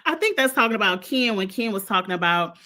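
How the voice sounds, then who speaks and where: A fast-talking woman from Illinois, her accent a blend of Midwestern and Southern US, gives a sassy, blunt, opinionated reality TV recap in casual chat. Her mid-range voice has lively intonation and a sharp tone.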